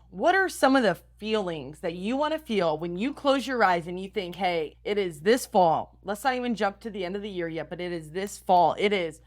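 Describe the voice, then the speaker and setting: An upbeat young woman hosts a motivational podcast. She talks straight to her listeners and coaches them along with plenty of encouragement. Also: mid-range voice. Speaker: podcast host and style coach.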